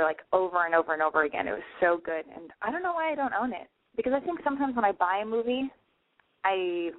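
A woman's voice: medium pitch, no room sound. A young woman chats loosely through an amateur call-in advice show, swearing and teasing herself as she drifts off topic. Her voice is slightly nasal, and the sound is dry and thin, like a phone line. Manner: rambling, profane, self-mocking. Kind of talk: casual call-in radio monologue.

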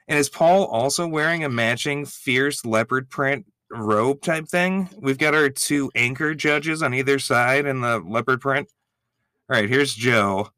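A man giving excitable, gushing reaction commentary, swearing freely as he reacts. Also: medium pitch, a little slow, no room sound, clean studio sound.

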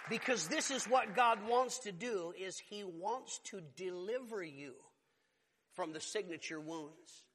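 A man preaching a sermon as a pastor, emphatic and rising to loud exclamations. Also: sits high, unhurried, a crowd in the background, background noise. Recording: long hall reverb.

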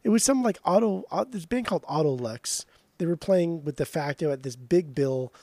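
A man's voice: a little high, lively intonation, normal speed, dark tone, no room sound. A man co-hosting a podcast, telling stories in a loose, profane way with lots of restarts. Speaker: podcast co-host. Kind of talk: casual chat.

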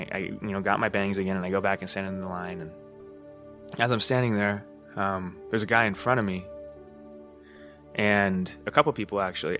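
Rambling through a personal story on his podcast, this man swears freely, speaks candidly, and keeps checking in with "you know what I mean?". His voice sits on the low side with a fairly bright tone.

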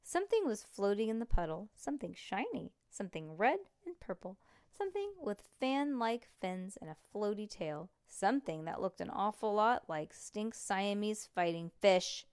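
A woman's voice: medium pitch, big pitch swings, moderate pace, darkish tone, clean tone, dry recording, clean studio sound. A woman reading a children's book aloud to a child, playful and breaking off to chat about the story. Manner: playful, chats between passages.

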